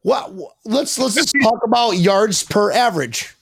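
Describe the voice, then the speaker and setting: A man hosting a casual podcast chat, rambling and excitable, with sudden high-pitched outbursts. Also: unhurried, creaky, slightly rough, no room sound, studio quality. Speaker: podcast host.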